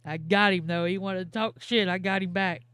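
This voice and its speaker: Teasing woman co-host with a smooth voice. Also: mid-range voice, fairly even intonation, normal speed, a bit bright, dry recording, clean studio sound. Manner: teasing, laughs often. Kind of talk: casual chat.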